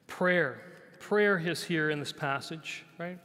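A male pastor preaching a conversational sermon. He repeats phrases, often asks "right?", and sometimes drops to a soft, quiet voice. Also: fairly high pitch, takes it slowly, clear, resonant tone. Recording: long hall reverb.

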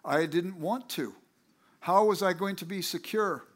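A man preaching a sermon, telling his own story in a conversational way with lively asides. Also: high-pitched, measured pace. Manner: animated, acts out quoted people with a raised voice; conversational, self-correcting asides.

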